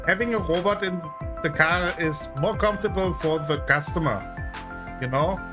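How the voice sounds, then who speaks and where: A man's voice: high voice, normal speed, close to an everyday voice. A man voicing a formal, blunt German male tourist in a game, with a put-on German accent and clipped phrasing. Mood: earnest. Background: game music.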